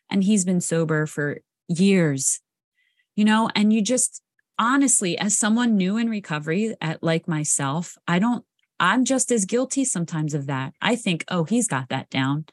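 A woman's voice: fairly low pitch, no echo, clean studio sound. A woman co-hosting a podcast about recovery, talking candidly in casual chat, swearing freely and laughing often. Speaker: podcast co-host.

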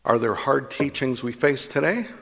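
Male priest, gravelly husky voice, measured emphatic sermon, long reverberant hall. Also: medium pitch.

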